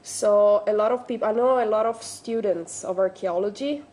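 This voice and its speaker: Woman, halting English, mid-pitched, TV guest. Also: dark tone. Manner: halting, non-native phrasing with nervous laughs. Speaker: studio guest researcher. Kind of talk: TV interview answers.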